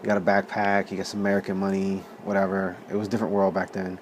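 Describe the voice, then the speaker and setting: A man's voice: deep voice, quick pace, slight background noise. Profane casual storyteller man. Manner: profane, animated, laughs often. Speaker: vlog host.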